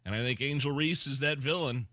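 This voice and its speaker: Midwestern radio co-host, excitable, stammers, very bright forceful tone, dry mic. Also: male voice, mid-range voice, a little fast, dry recording. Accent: Midwestern American. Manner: excitable, loud outbursts, stammering restarts. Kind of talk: casual radio banter.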